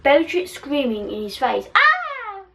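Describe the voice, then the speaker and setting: Slow-reading woman, giggly and self-mocking. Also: fairly high pitch, distant mic, background noise. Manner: giggly, self-mocking, stumbling over words. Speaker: channel host reading her fan fiction. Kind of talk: casual story reading with asides.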